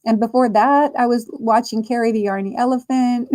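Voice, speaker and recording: Unhurried crochet streamer: a mellow, high voice, friendly comment-reading, frequent little laughs. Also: female voice, steady tone. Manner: slow, chatty, laughs often. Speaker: livestream host. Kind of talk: casual livestream chat reading comments.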